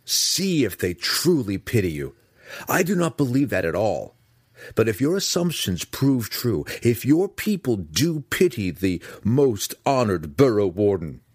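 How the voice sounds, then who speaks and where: A man reading aloud, voicing an earnest young male dark elf warrior who speaks with pressing intensity. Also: low voice, husky, dry recording, studio quality, full character voice.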